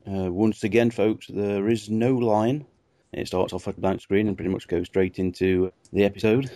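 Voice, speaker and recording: A man's voice: lowish voice, flat delivery, normal speed, warm tone, no echo. A man co-hosting a podcast, chatting casually, teasing and laughing often. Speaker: podcast co-host. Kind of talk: casual chat.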